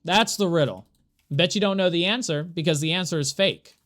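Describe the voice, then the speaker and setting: A streamer talks to chat mid-game in a mid-range, fairly bright voice at a fairly quick pace. He rambles, sounds exasperated, and laughs a lot as he plays.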